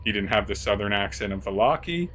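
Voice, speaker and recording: A man narrating a tabletop game as game master, halting and full of filler words. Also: lowish voice, expressive, fairly bright tone, slight background noise.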